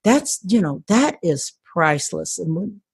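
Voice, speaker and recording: Older woman, low voice, husky tone, passionate interview storytelling. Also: unhurried. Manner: passionate, animated storytelling with restarts. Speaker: podcast guest. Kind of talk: conversational interview.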